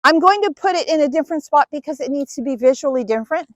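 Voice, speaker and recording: Woman, dog trainer, patient instructional tone, fairly high pitch, dry close sound. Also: expressive, fast talker, no echo. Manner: patient, explains step by step while giving dog cues. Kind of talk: instructional demonstration.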